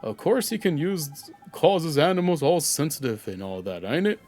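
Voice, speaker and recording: A man's voice: fairly high pitch, expressive, normal speed, a little mellow, natural voice. A cheeky little male fairy from a game, as a man puts him on, talking in folksy slang and teasing his friends. The voice swings up and down with plenty of life, over faint music. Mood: cocky. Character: cheeky small male fairy sidekick, chatty.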